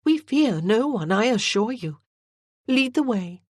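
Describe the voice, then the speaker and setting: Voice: mid-range voice, very animated, measured pace, no room sound, studio quality, voice pushed up. A reader voicing a spirited, proud young noblewoman in a historical romance audiobook, with a haughty, emphatic, bristling manner. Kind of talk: audiobook character reading.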